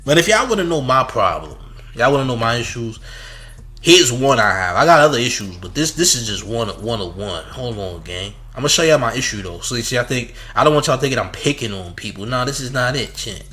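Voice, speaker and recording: A man's voice: mid-range voice, expressive, a little fast, pushed and bright. A man hosting a reaction commentary, mocking and slangy, laughing often between remarks. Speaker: commentary host.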